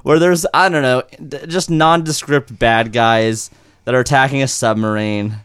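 A man in casual comedic conversation, rambling through stories and acting out quoted lines with animated swings. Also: medium pitch, moderate pace, clear, resonant tone, no echo, studio quality.

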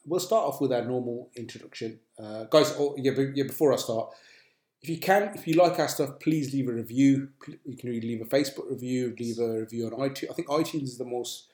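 A man's voice: mid-range voice, fairly quick, a little mellow. Casual male podcast host, roomy sound. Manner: hesitant, many fillers and restarts. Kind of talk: casual chat. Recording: roomy echo.

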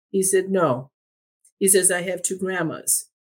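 Slow-talking woman retelling a conversation. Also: lowish voice, breathy edge. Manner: retells dialogue with repeated "I said, he said". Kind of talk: conversational storytelling.

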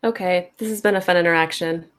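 A woman's voice: fairly low pitch, fairly even intonation, fast. A woman playing a tabletop role-playing game, describing her character's actions hesitantly. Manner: hesitant, unsure narration. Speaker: player.

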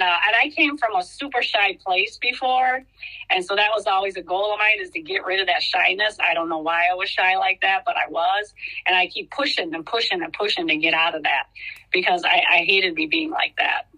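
A middle-aged woman, a hairstylist guest in a casual interview, talking in halting bursts with many restarts and lively quoted reactions. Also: mid-range voice, low-quality recording.

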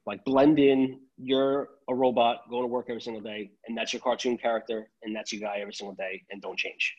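A man's voice: mid-range voice, level tone, brisk, dull audio. A man, a tailor chatting casually on a podcast, rambling and restarting his sentences.

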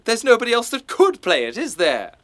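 A bossy, self-important director with a posh English accent in a radio comedy. He lectures everyone in a lofty tone, and his pitch rises and falls widely. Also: huge pitch swings, brisk, fairly bright tone, full character voice. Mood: pompous. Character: pompous, bossy middle-aged male director. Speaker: amateur theatre director.

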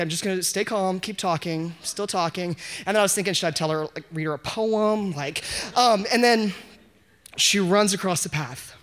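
A man telling an unscripted story at a live event, animated and self-mocking, often breaking into laughs. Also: sits high. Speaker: audience member telling a story. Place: live event before an audience.

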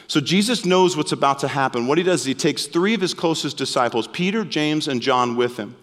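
A man preaching a sermon as pastor, earnest and emphatic, slowing down to stress key phrases. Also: on the high side, long reverb tail.

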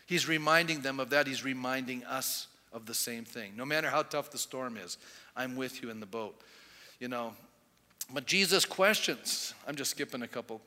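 A man's voice: medium pitch, normal speed, bright, forceful tone. A man preaching a sermon as pastor, telling the story animatedly and acting out the quoted voices. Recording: long hall reverb.

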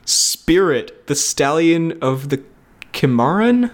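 A man's voice: on the high side, sing-song, slow pace. A young man co-hosting a casual podcast, joking and swearing as he chats. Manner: joking, swears, laughs often. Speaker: podcast co-host. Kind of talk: casual chat.

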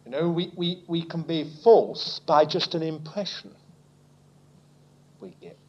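A man preaching a sermon, swinging from quiet asides to loud exclamations. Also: on the high side, measured pace. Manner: animated preaching, dropping to near-whispers and rising to exclamations. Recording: muffled lo-fi recording.

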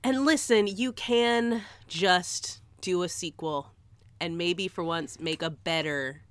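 A woman co-hosting a podcast, easygoing and quick to laugh, reading out dedications in casual chat. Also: on the low side, smooth, no echo. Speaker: podcast co-host.

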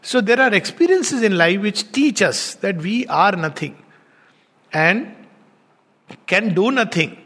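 A man's voice: high-pitched, lively intonation, takes it slowly, long pauses, fairly bright tone. A man gives a reflective spiritual discourse as a teacher, telling stories and laughing often. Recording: long hall reverb.

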